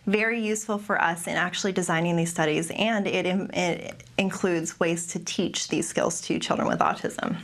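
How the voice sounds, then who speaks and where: A young adult woman, a behavior analyst, gives a webinar talk and answers questions, with many pauses and restarts. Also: fairly low pitch, steady tone. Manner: careful, with frequent ums and restarts. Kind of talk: webinar presentation with Q&A.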